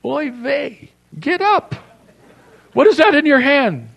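A man voicing an exasperated male God, in a shrill, nagging tone. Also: very animated, takes it slowly, gravelly, a bit bright, full character voice.

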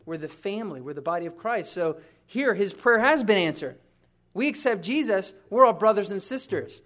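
A pastor preaching a conversational sermon, moving between hushed, intimate passages and emphatic, rising ones. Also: male voice, sits high, expressive, normal speed.

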